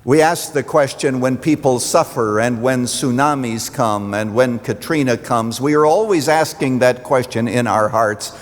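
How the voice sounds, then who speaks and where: A man's voice: mid-range voice, unhurried, few pauses. Male pastor, sermon, dramatic delivery, long church reverb. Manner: dramatic, rising to near shouting on quoted pleas. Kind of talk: radio intro then sermon. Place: church sanctuary.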